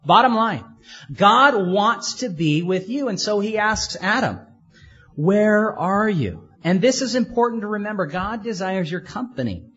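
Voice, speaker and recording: A man's voice: high voice, expressive, normal speed, a bit bright, breathy edge, highs cut off, soft background music. A man preaching a sermon in an earnest way, asking his listeners many rhetorical questions.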